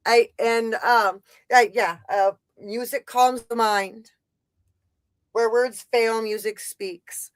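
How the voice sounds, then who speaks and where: A woman's voice: fairly high pitch, steady tone, slow, no echo. A woman hosting a podcast interview, gushing and enthusiastic as she rambles with many restarts. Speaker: podcast host. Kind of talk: casual interview chat.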